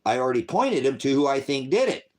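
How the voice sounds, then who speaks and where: A man's voice: mid-range voice, very animated, fast talker, darkish tone. A middle-aged man hosting a faith channel, delivering an angry, profane, rambling rant to his viewers.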